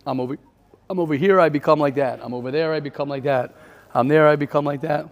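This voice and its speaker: A man's voice: fairly high pitch, fast talker, dull audio. A man, teaching an informal Torah class in an earnest, emphatic way, repeating his points.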